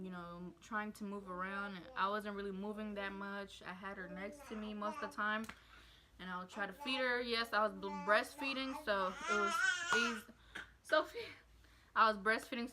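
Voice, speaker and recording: Young female vlogger, new mom, bright tone, casual heartfelt story time. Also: mid-range voice. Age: young adult. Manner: rambling, heartfelt, many fillers.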